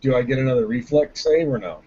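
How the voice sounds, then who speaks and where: A man's voice: medium pitch, quick pace, mellow, breathy edge. A man playing in a tabletop game, playful and full of rules questions. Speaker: player. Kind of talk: casual tabletop play. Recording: dull lo-fi recording.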